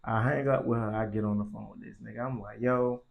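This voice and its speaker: A man's voice: fairly low pitch, steady tone, fast talker, vocal fry, dull audio. A young man telling a story casually, in slangy and profane speech that grows heated. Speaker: vlogger.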